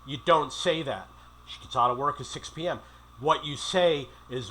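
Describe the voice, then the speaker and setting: A man's voice: medium pitch, normal speed, bright, forceful tone, slight background noise, poor audio. A middle-aged man telling rambling travel stories in a casual monologue, acting out quoted dialogue. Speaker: travel vlogger.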